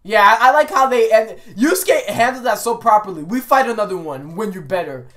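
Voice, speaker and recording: A woman hosting a casual anime reaction video, excitable and slangy, talking back at the screen with frequent exclamations and laughter. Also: medium pitch, fairly quick. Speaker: reaction channel host.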